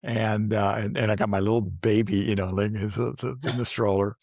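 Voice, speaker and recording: Man in his sixties, lowish voice, dry close sound, rambling storyteller, laughs often. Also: fairly even intonation, moderate pace, gravelly, a little mellow, dry recording. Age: 60s. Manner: rambling, restarts often, laughs while telling stories. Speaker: actor guest. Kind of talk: casual storytelling interview.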